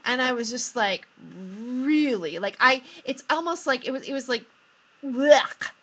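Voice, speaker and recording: A woman's voice: sits high, animated, brisk, sharp tone. A woman telling a heated, profane story in casual live-stream chat. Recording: dull lo-fi phone recording.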